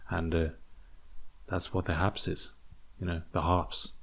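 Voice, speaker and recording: A young Englishman with a deep, creaky, slightly bright and slightly rough voice speaks at a measured pace with little pitch movement. His British accent slips into American as he hosts a solo podcast, rambling, joking, and stammering through many restarts.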